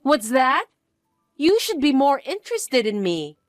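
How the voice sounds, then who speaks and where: A shrill, spoiled young stepsister with a sing-song, swooping delivery, as a woman puts her on in a dramatized story. She sounds condescending and demanding, and her words come out slow and drawn out. The voice is close and dry, with faint music underneath. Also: sing-song, no room sound. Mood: smug, bratty.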